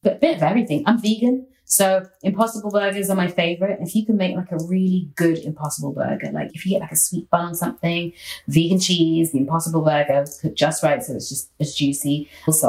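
A woman talks through an interview in an easy, upbeat manner, sharing her thoughts in a casual conversational flow. Her voice sits a touch low. The recording carries a noticeable roomy echo. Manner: relaxed, upbeat and chatty. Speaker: actress and singer, guest.

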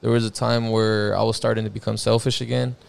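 A man's voice: lowish voice, level tone, fast, vocal fry, clear, resonant tone. A young man casually telling a personal story as a guest, slangy and profane, filling his talk with "bro" and "like".

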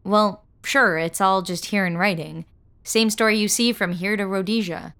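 A woman reading a first-person audio story as narrator, in a measured, wry storytelling manner. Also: medium pitch, steady tone, fairly bright tone, clean tone.

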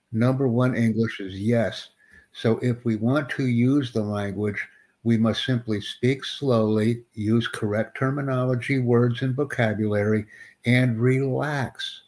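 Man, live stream host, interview coach, slow deliberate delivery, stern and corrective. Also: mid-range voice, fairly even intonation, a little mellow.

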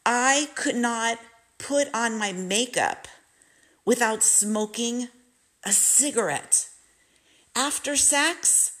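A woman's voice: fairly high pitch, fairly bright tone. A woman vlogger telling a candid personal story, talking straight to her viewers. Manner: candid, confiding, addresses viewers directly.

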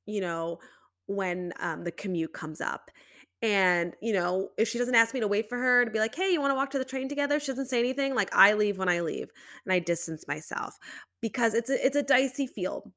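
A woman's voice: medium pitch, fairly bright tone. Chatty woman hosting a podcast. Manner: chatty, frequent "you know" and "like" fillers. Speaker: podcast host. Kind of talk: casual solo podcast talk.

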